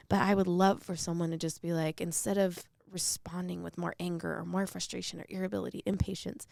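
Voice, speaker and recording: A woman speaks as a podcast guest in a low, gravelly voice that still comes across smooth and full. She tells her stories earnestly and reflectively. The recording is dry and close. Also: level tone, a little fast, darkish tone, dry recording. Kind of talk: casual interview conversation.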